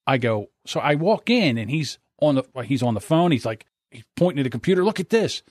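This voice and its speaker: A man with a South Jersey accent hosting a podcast, telling a profane, animated story. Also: mid-range voice, a little fast, dry recording, clean studio sound. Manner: animated, profane, acts out voices. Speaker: podcast host. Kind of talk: casual storytelling.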